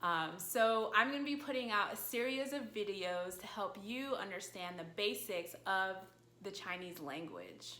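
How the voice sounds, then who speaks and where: A woman teaching a video lesson in an animated way, her voice swooping up high when she acts out calling a dog. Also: slight background noise. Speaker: language teacher. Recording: echoey room.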